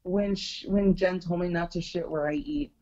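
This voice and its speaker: Middle-aged woman, low-pitched chatty storyteller, lo-fi call audio. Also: fairly even intonation, moderate pace, mellow. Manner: chatty, retells a friend's words with many "she goes". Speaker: guest. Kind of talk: casual storytelling on a video call.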